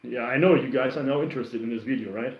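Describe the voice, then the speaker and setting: A man hosting a livestream, casually chatting through viewer comments and telling stories in a rambling, animated way with lots of restarts. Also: medium pitch, quick pace. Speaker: livestream host reacting to music. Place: home. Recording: roomy, somewhat dull stream audio.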